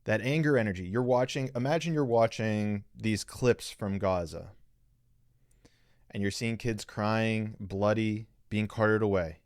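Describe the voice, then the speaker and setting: A man's voice: fairly low pitch, measured pace, dry recording, studio quality. A man hosting a podcast, giving an earnest spiritual teaching monologue and coaching listeners directly, with a lot of repetition. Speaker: podcast host. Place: live stream reading viewer comments.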